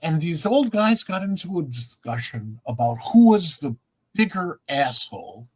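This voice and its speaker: A man's voice: a little high, very animated, a little slow, husky, poor audio. A man in his seventies, a podcast host telling a long rambling anecdote in casual chat, with repeats and restarts. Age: 70s.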